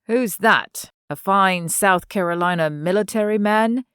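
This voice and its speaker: A woman's voice: medium pitch, a little slow, a bit bright, clear, resonant tone, dry recording, lightly acted. Woman doing a posh young man, playful and teasing, dry close recording, audiobook read. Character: young English man, son of an earl, teasing.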